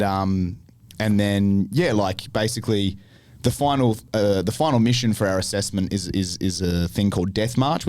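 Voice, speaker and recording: A man's voice: low voice, no echo. A young Australian man, an actor on a podcast, telling a story in casual chat, swearing freely and acting out the other people's lines. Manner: swears freely, acts out the other voices in his stories; restless and animated when he retells the big moments.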